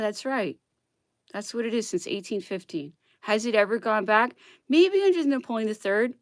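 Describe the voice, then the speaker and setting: A woman giving impassioned ranting commentary on history memoirs. She swings between loud outbursts and hushed whispers and keeps tagging on a pointed "okay?". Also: on the high side, dry recording, studio quality. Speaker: history vlogger reading memoirs.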